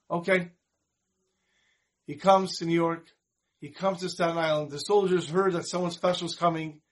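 A man teaching a Torah class, telling a moral story in an animated storyteller's manner. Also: fairly high pitch. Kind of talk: storytelling lesson.

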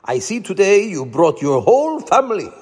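A jovial Italian baker calls out his wares in a heavy accent, friendly and eager to make a deal, as a man acts him out. The voice sits higher than a plain speaking voice and bounces lively, with a slightly husky edge. It rings out in a reverberant room. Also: moderate pace, heavily acted. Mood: cheery. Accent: Italian, put on. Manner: friendly sales pitch.

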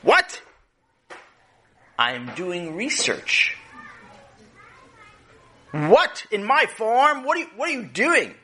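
A man voicing a stern but kind middle-aged farmer who calls out loudly and sternly. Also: mid-range voice, expressive, measured pace.

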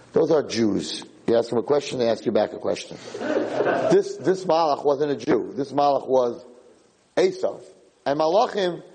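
This is a man delivering a Torah lecture in a mellow, rounded voice. He moves through the story with animated energy, voicing each character's lines and circling back over his own phrases as he goes. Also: medium pitch, rough recording. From United States. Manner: animated storytelling with acted-out dialogue; repeats and restarts phrases.

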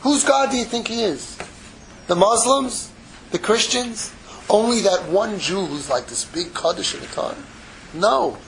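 A man giving an impassioned Torah sermon, mixing Hebrew terms into English and swinging from loud pleading to hushed, intimate tones. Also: high-pitched, lively intonation, measured pace, creaky, slight background noise, rough recording. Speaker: rabbi giving a Torah class.

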